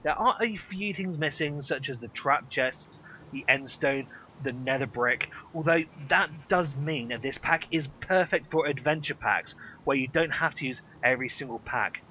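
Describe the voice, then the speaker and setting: A man's voice: medium pitch, normal speed, bright, forceful tone, dull audio, a little hiss or hum. A man hosting a game review, narrating over gameplay in an enthusiastic, playful way. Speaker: host.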